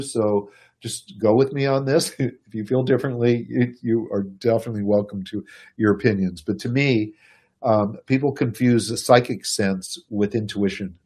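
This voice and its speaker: A man giving a casual, animated explanation to a listener, chuckling and speaking to them directly. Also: on the low side, husky. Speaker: speaker explaining personality types.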